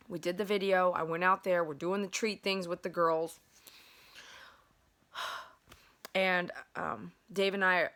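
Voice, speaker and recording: A woman with a drawl talks straight into her phone from her bedroom, rambling and chatty, with plenty of "you know" and "um" along the way. Her voice sits a little low but has a bright, forward edge. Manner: chatty, rambling, with many fillers and restarts. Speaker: dog groomer and channel host. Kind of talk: casual vlog storytelling. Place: bedroom at home.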